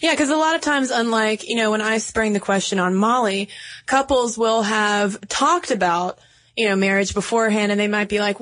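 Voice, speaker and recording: A woman's voice: mid-range voice, moderate pace. A woman co-hosting a podcast in casual chat, playful and jokey. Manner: playful, jokey, animated storytelling. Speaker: podcast co-host.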